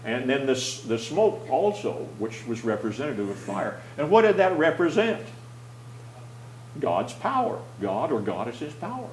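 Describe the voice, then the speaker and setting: A mid-pitched man leads a Bible class, explaining plainly and pausing to question his listeners. He often restarts his phrases as he thinks. The sound is roomy, with a faint hum beneath. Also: sing-song.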